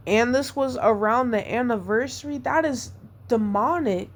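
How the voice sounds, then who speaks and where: A woman's voice: fairly high pitch, slow pace. A woman talking through a painful breakup on her podcast, hurt and rambling, repeating herself as she vents. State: upset, devastated. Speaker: podcast host. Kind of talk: personal venting monologue.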